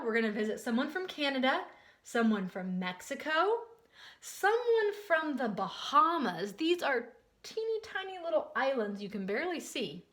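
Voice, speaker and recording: A woman teaching a social studies lesson to young children, leading call-and-response repetition in a slow, sing-song way. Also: on the high side, a bit bright, roomy sound.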